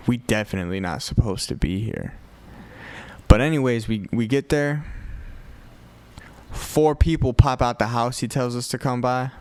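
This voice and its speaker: A young man from Chicago with a Chicago accent, telling a profane, animated story on a podcast. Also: lowish voice, clear, resonant tone. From north side of Chicago. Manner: profane, animated retelling with quoted voices. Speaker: podcast host. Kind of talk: casual storytelling.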